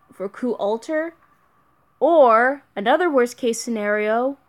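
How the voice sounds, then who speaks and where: A young woman streaming a mobile game, chatting casually and answering her viewers. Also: a little high. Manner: chatty, reads viewer chat aloud. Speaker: let's play streamer.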